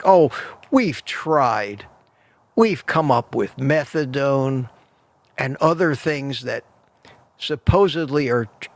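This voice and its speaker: A man hosting a casual morning livestream outdoors in the cold, greeting viewers by name and often repeating himself. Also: mid-range voice. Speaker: livestream host.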